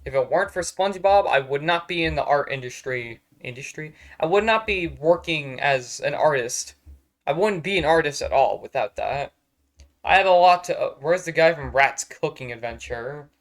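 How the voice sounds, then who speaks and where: A man's voice: a little high, expressive, normal speed. A man streaming from home, chatting casually in a rambling, profane way and getting exasperated easily. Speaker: streamer ranking characters on a tier list. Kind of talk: casual live-stream chat.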